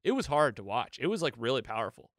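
A man hosting a casual show, recapping an episode in an excitable, chatty way with lots of fillers. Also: mid-range voice, fast, no room sound, clean studio sound. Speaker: podcast host.

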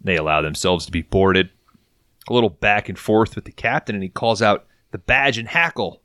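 A man's voice: low voice, brisk, a bit bright, no echo, clean studio sound. A man hosting a podcast, casually recapping a TV episode and swearing freely while acting out lines. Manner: profane, joking, acts out quotes. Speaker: podcast host.

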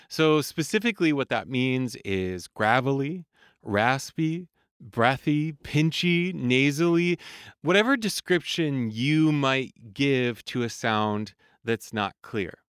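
A man in a voice lesson podcast speaks with a smooth, resonant tone in a dry, close recording. He explains each point calmly and in measured steps. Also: medium pitch, dry recording. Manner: calm, explanatory, demonstrates sung vowel sounds. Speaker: voice coach.

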